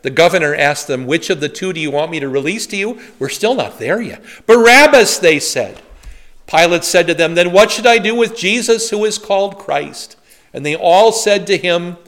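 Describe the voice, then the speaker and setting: A man's voice: a little high, fairly bright tone. A man, a pastor, leading a Bible study in a conversational way, telling stories with humorous asides and rhetorical questions.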